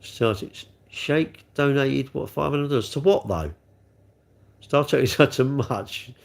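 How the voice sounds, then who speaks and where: A man in his sixties with a gravelly voice, hosting a casual live stream, chatting and joking as he answers viewer comments. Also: medium pitch, unhurried. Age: 60s. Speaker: livestream host reading chat.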